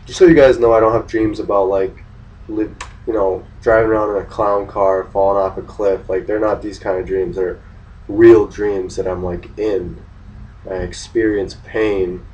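A man's voice: on the low side, steady tone, normal speed, a little mellow. A young man telling a personal religious experience in a rambling, hesitant way, full of fillers. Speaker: vlogger sharing a religious testimony. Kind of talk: casual spoken testimony. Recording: voice distant from the mic.

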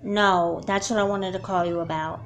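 In a home-made doll movie, a woman voices a young girl hooked on her laptop, speaking in a low-set, natural voice. When she panics, her voice jumps up high and loud. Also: fairly even intonation, normal speed, a little hiss or hum, close to an everyday voice. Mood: apologetic.

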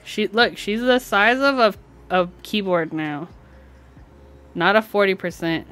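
A woman's voice: medium pitch, animated, a little slow, a bit bright. A young woman streaming from home as she builds a keyboard, chatting casually with frequent giggles and lots of "like". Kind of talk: casual live-stream chat.

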